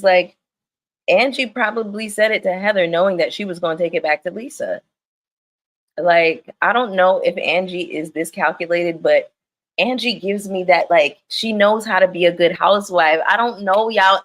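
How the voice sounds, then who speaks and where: A young woman giving casual, animated livestream commentary on a reality show, laughing often. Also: medium pitch, normal speed. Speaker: reality TV recap streamer.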